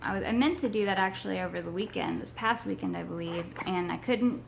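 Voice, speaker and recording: A young woman from Texas chatting casually to her viewers, her voice hoarse from a sinus infection, rambling with many ums. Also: medium pitch, quick pace, a little hiss or hum. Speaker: paranormal vlogger. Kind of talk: casual vlog chat to camera.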